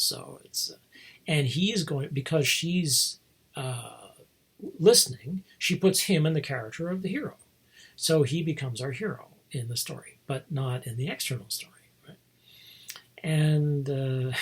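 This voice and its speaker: Very husky man rambling about a film. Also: mid-range voice. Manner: rambling, digressive, many fillers and restarts. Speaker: podcast host. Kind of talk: casual film review.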